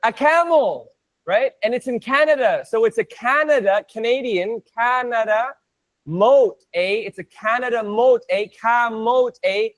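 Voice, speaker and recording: A man teaching an online Spanish class, energetic and playful, drilling words by repeating them. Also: extremely high pitch, measured pace.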